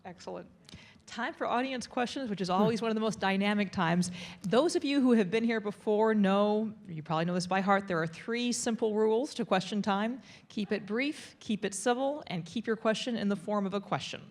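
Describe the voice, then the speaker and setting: Woman, moderator, brisk, organized, friendly, mid-pitched voice. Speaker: event moderator. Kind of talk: hosting a public conversation and audience questions.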